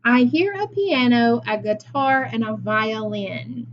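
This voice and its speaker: Slow, patient woman teaching phonics. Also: a little high, animated, highs cut off, a little hiss or hum. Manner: slow, patient, praising, sounds words out. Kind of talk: phonics lesson for young children.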